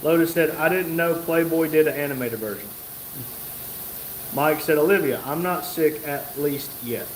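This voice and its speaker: A man with a slightly high voice hosts a live stream, reading viewers' comments and tossing in dry, joking remarks. He sounds like he's in a roomy, echoey garage, with a faint hiss of noise underneath. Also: normal speed. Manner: joking, wry asides while reading comments aloud. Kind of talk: casual live-stream chat.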